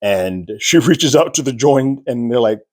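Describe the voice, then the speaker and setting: A man giving a casual, chatty review of a TV episode, animated and laughing at what happened. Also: mid-range voice, unhurried, no echo, clean studio sound.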